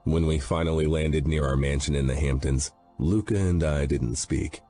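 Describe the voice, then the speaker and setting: A man with an extremely low, dark, husky voice narrates an audiobook in first person. His delivery is grim and brooding, with soft music playing underneath. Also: fairly even intonation, moderate pace. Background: faint background music.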